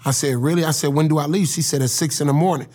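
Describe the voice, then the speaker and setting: A man's voice: a little high, fast talker, darkish tone. A man telling his life story in an earnest, emotional, casual way, as a former football player. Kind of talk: personal storytelling.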